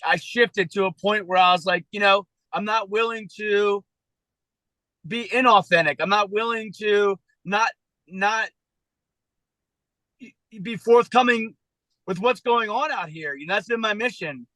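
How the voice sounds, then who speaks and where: A man with a high, bright and forceful voice talks haltingly on a video call, restarting his sentences often. He sounds earnest and emotional, close to tears. The sound is dry and close. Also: dry recording, rough recording. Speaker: citizen journalist being coached. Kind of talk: emotional personal talk on a coaching call.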